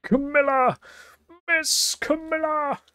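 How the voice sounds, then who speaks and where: Brief: man playing a loyal little dog as a loud, heroic superhero type for a game. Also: fairly even intonation, slow pace, slight background noise, heavily acted. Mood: worried. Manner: booming superhero delivery.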